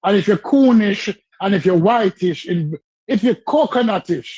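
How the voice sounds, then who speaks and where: Husky high-voiced man ranting. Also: animated, moderate pace, dry recording, rough recording. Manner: forceful ranting, mocking chants. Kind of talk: heated casual debate.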